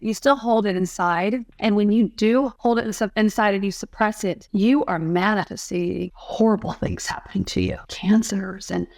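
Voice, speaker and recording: A woman's voice: medium pitch, no echo. A middle-aged woman, a former model, speaking earnestly and repeating herself as a guest in an emotional interview. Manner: earnest, repetitive, heartfelt.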